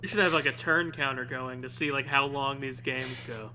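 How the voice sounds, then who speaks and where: A young man with a very bright, sharp voice explains fantasy lore at length. He restarts and searches for words as he goes, in a casual tone, with a faint hum behind him. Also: mid-range voice, steady tone, moderate pace. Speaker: show regular. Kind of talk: casual chat over a card game.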